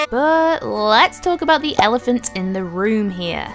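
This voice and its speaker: A high-pitched woman delivering a ranting game review. She is sarcastic and exasperated, and swears freely, with faint music playing behind her. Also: very animated, moderate pace.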